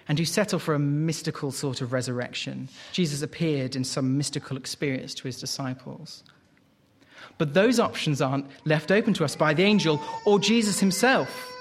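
Expressive male preacher, slightly high voice. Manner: expressive, rhetorical questions, reads scripture aloud. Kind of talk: sermon.

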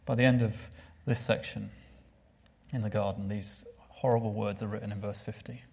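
A man preaching a sermon, expressive and asking his listeners questions, sometimes dropping to a hushed voice. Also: lowish voice, moderate pace, gravelly, breathy edge. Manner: expressive, drops to a hushed voice for emphasis; asks the listeners rhetorical questions.

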